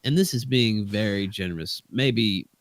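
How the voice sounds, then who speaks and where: A man's voice: on the low side, moderate pace, no echo. A man telling a story as a guest on an online call show, rambling and hedging with many restarts. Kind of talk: casual stream chat.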